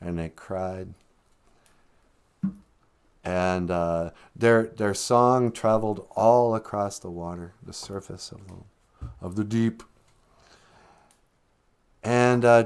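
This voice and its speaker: A man telling a traditional story in a relaxed, conversational way, with dramatic drops in volume. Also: lowish voice, takes it slowly, long pauses, smooth. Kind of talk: live-streamed oral storytelling.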